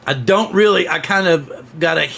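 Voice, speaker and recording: Gravelly, bright-voiced man hosting a livestream. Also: on the high side, moderate pace, slight background noise. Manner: rambling, chatty, greets viewers by name. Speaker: host. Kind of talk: casual livestream chat.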